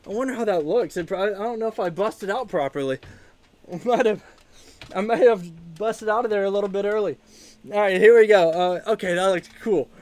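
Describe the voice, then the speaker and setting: A man's voice: sits high, moderate pace, a little mellow. A man hosting a casual live stream from a room at home, chatting upbeat with his viewers and thanking them. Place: home room with plush pile.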